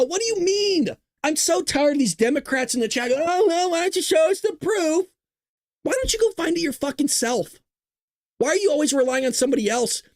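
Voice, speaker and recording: A very high-voiced man rants on his political livestream, heated and full of profanity. He records in a small closet, and there's no room sound.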